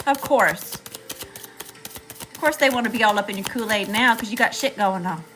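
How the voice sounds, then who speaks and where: A woman's voice: medium pitch, lively intonation, measured pace, pushed and bright, rough recording. A woman with a Southern US accent giving a chatty, slangy live tarot reading to viewers, calling them y'all. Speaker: tarot reader.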